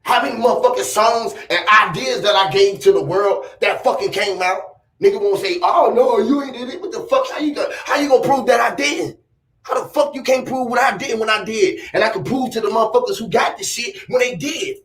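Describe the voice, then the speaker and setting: High-voiced man ranting boastfully, roomy. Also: a little fast, fairly bright tone, recorded from a distance. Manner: boastful, profane, rambling and emphatic. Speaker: vlogger. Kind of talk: casual rant to camera. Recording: roomy echo, off-mic.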